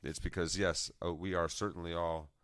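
Brief: very low, flat-toned man, podcast co-host, reflective musing, dry close sound. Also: moderate pace, dry recording. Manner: musing, reflective, trails off mid-thought. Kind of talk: casual philosophical discussion.

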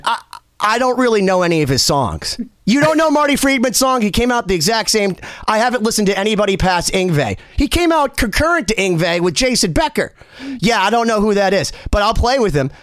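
A man, a music producer, telling a story in an animated way, laughing and acting out the people he quotes. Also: high voice, no echo, studio quality. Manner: excitable, laughing, acts out quoted voices.

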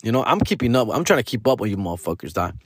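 A man's voice: lowish voice, very animated, racing, breathy edge, no echo, clean studio sound. A man in his forties hosting his own podcast, rambling casually in a slangy, profane way and peppering his speech with "fool" and "dog". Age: 40s. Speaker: podcast host. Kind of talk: casual monologue.

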